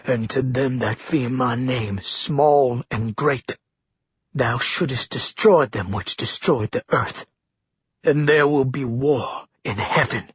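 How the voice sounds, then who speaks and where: A man voicing a huge, sullen male prisoner who speaks low and bitter, intoning scripture. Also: slow, slightly rough, dry recording. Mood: ominous intoning. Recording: dull lo-fi dry recording.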